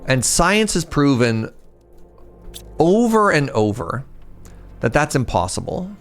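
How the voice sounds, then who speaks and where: Playful slow-talking male game streamer. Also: a little high, sing-song, soft background music. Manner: playful, joking, thinks aloud. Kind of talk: casual gameplay chat with viewers.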